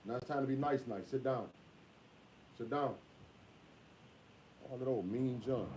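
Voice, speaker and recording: A father talking casually in a vlog, repeating himself and scolding in a drawn-out way. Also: mid-range voice, a little mellow, a little hiss or hum.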